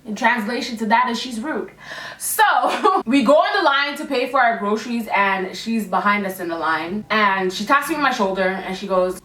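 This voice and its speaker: A young woman telling a storytime to her viewers in a casual, animated way, acting out the people in it. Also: moderate pace. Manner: animated, acts out voices with big pitch jumps. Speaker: beauty vlogger. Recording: echoey room, a bit far from mic.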